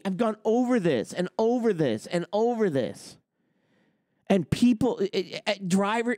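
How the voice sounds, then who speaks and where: A man with a high-pitched, darkish voice hosts a trucking business show, ranting argumentatively on a livestream and firing off rhetorical questions. The sound is clean studio quality with no room sound.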